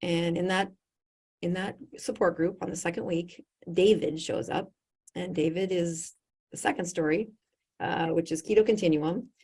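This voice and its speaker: A middle-aged woman physician telling a story as a podcast guest, animated and laughing often as she acts out what people said. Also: on the low side, moderate pace, breathy edge. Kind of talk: conversational storytelling.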